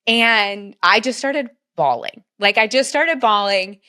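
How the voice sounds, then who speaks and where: A woman's voice: mid-range voice, expressive, takes it slowly, sharp tone, clean tone. A woman guest on a podcast, telling a personal story earnestly and peppering it with "like.". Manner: earnest, heavy use of "like" as filler. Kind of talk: storytelling in conversation.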